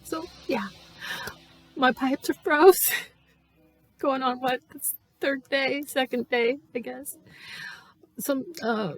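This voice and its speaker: High-voiced earnest woman vlogger. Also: fairly even intonation, slow, pauses often, faint music behind. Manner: earnest, faith-filled and emotional, with restarts and soft trailing asides. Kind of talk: casual vlog talk.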